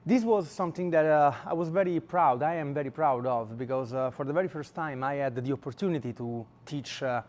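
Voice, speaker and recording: A man's voice: a little high, brisk, few pauses, darkish tone. A man from Italy with an Italian accent, giving a university lecture and speaking hesitantly with many filler sounds. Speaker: guest lecturer. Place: lecture room.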